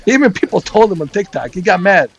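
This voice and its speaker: A man's voice: high-pitched, lively intonation, fast, muffled recording, crowd noise. A man ranting crudely and mocking someone in casual chat, laughing often as he goes. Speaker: gaming streamer.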